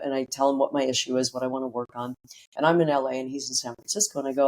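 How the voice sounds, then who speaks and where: Animated middle-aged woman telling a story. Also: a bass voice, very fast. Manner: animated, acts out quotes, casual swearing. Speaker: guest, breathwork teacher. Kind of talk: personal storytelling in a podcast interview.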